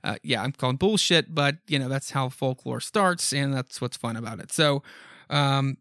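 A man's voice: medium pitch, normal speed, a bit bright, dry recording, clean studio sound. A man hosting a podcast, casually retelling a horror comic with lots of ums and offhand asides. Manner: rambling, frequent ums and asides. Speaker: podcast host. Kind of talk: casual comic book recap.

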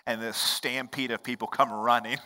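A man's voice: mid-range voice, fairly even intonation, normal speed, bright, forceful tone, long reverb tail. A male pastor giving a sermon in an earnest, conversational way, with personal stories. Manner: earnest, conversational preaching with storytelling asides.

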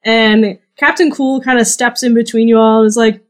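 A woman's voice: fairly high pitch, flat delivery, fairly quick, few pauses. A woman narrating a tabletop game as game master, casual and easygoing, lightly voicing the characters she describes. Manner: casual, laughs easily, voices NPCs lightly.

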